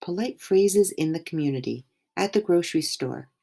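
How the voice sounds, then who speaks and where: A woman teaching beginner English, reading out polite phrases and short example dialogues slowly and clearly. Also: fairly low pitch. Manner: slow, clear, lively intonation.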